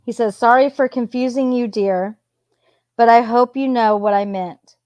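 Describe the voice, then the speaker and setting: A woman's voice: a little high, fairly even intonation, normal speed, darkish tone, no room sound. A woman casually reading out text messages at home, adding sarcastic asides between them. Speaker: true crime commentator reading text messages. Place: home with a cat nearby.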